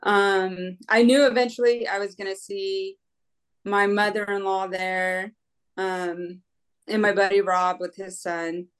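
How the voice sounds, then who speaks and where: A woman from the United States recounts a long race in relaxed conversation, her voice sitting at an ordinary middle pitch. She laughs easily and keeps dropping in "like" and "right?" as she talks. She slips into quoting her own thoughts as she tells it. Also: takes it slowly, clean tone. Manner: chatty, laughs often, acts out her own inner voice; frequent fillers like "like" and "right?". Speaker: guest, ultra-runner. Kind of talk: casual storytelling.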